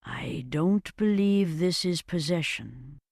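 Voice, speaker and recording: A man's voice: fairly high pitch, expressive, slow pace, gravelly, darkish tone, no echo, clean studio sound, exaggerated voice. A narrator voicing an old male professor with a German accent, speaking carefully and hesitantly. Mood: pondering.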